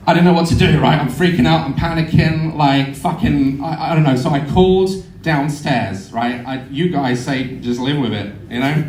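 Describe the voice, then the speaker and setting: A man in his thirties telling sweary, animated comic stories to a live audience in a theatre. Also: on the high side, normal speed, few pauses. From United Kingdom. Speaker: YouTuber on stage. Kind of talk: live comedy storytelling. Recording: echoey hall with crowd noise.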